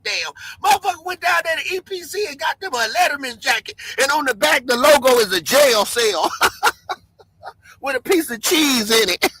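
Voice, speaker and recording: A man hosting a livestream, ranting loudly and excitably, swinging between shouts and mutters and laughing often. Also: very high-pitched, dry recording, rough recording. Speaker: livestream host. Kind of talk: animated livestream rant.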